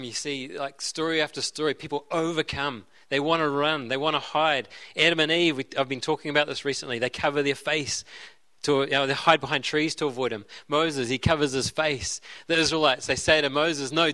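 A man preaches a sermon earnestly and often circles back to restart and repeat his phrases. His voice is bright and forward and sits a little high for a man. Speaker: pastor.

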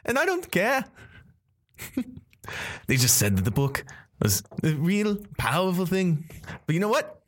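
Guy putting on a sneering lady outlaw, mocking drawl, higher voice, bright, swoops around. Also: sing-song, a little slow, pauses often, a little hiss or hum. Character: scornful handcuffed woman outlaw, defiant.

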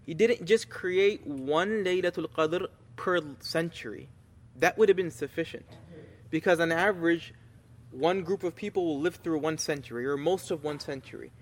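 A man's voice: fairly high pitch, moderate pace, long reverb tail. A man preaching a sermon with passion, reciting Arabic scripture and building to emphatic rhetorical questions.

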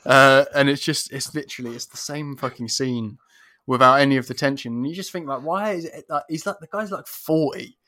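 A man's voice: medium pitch, a little fast, sharp tone, dry recording. Man, podcast co-host, rambling and sweary, dry close sound. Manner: rambling, sweary, laughs often, mimics film lines. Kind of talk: casual chat.

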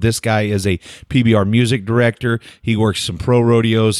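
A man hosting a casual podcast, chatty and quick to laugh, often tripping over his words. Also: fairly low pitch, no room sound, studio quality. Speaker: podcast host.

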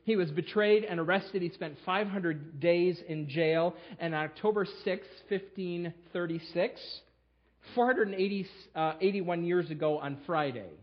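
A man's voice: high-pitched, measured pace, lo-fi sound. A man preaching a sermon to his church, telling history with emphatic storytelling. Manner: emphatic storytelling, fillers and restarts. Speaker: pastor. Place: church sanctuary.

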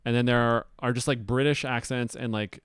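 A man's voice: medium pitch, fairly even intonation, a little fast, smooth, no room sound, studio quality. A young man co-hosting a podcast in casual chat, arguing his point and talking over his friend. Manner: argumentative, talks over the other host. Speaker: podcast co-host.

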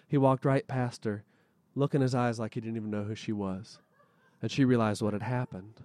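At a festival, a man performs a folk tale live, lively and expressive, using dramatic pauses. His voice is medium-pitched, and the recording is dry.

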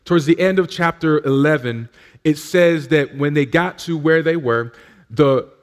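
A man's voice: fairly high pitch, moderate pace. A man preaching in a church service, telling his own story in a conversational way with frequent fillers and restarts. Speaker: pastor. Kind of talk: sermon with personal testimony.

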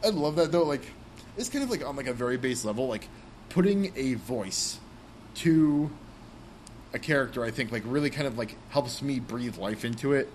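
A man's voice: mid-range voice, animated, normal speed, a little hiss or hum. A young man co-hosting a casual podcast about role-playing games, rambling with many fillers. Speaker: podcast co-host.

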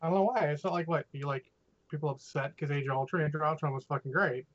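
Opinionated, swearing male podcast co-host; slightly high voice, muffled lo-fi recording. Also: fast talker. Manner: opinionated, profane, rambling. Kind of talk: casual chat. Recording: dull lo-fi audio.

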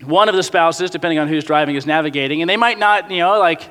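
High, bright-voiced pastor in a reverberant hall. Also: male voice, fast. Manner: conversational, animated, acts out grumbling voices. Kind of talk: sermon. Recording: long reverb of a large hall.

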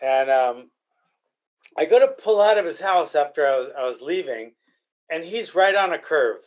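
Casting: older male podcast host, rambling and blunt, slightly high voice. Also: lively intonation, normal speed. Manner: rambling, repetitive, blunt storytelling. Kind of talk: casual podcast chat.

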